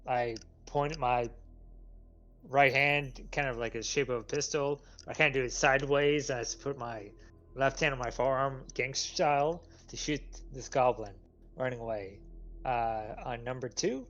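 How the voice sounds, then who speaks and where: A man's voice: medium pitch, moderate pace, fairly bright tone, soft background music. A man playing a tabletop game over voice chat, hesitant, with many filler sounds as he describes his actions. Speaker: player. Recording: dull lo-fi voice chat audio.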